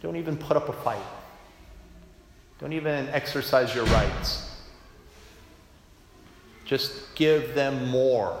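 A man preaching a sermon with emphatic delivery that swings from loud to hushed. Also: medium pitch, slow, pauses often. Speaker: pastor. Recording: echoey hall, faint room noise.

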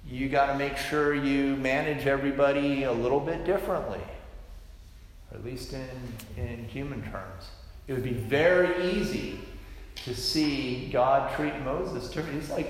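A man's voice: medium pitch, normal speed, a little hiss or hum. A man preaching a sermon in a conversational, self-deprecating way, often restarting his sentences. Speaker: pastor. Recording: echoey hall reverb.

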